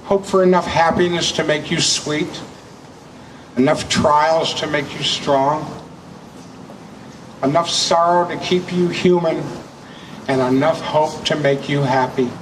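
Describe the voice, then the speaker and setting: A man's voice: a little high, steady tone. A man solemnly reading a reflective piece aloud at a memorial. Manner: measured, solemn recitation. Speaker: memorial speaker. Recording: distant mic, noisy room.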